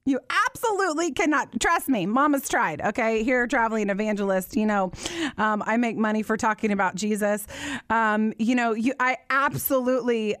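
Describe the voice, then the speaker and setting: A woman's voice: fairly high pitch, a bit bright, no echo, clean studio sound. A woman in her thirties hosting a live Q&A chat, talking earnestly and animatedly, with lots of fillers. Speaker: host.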